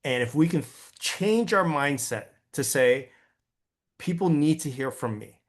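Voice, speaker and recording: A man leads a conversational training session for real estate agents, speaking in a slightly high, animated voice at an unhurried pace. He's chatty, keeps checking in with his listeners by asking "right?", and stumbles and repeats words along the way.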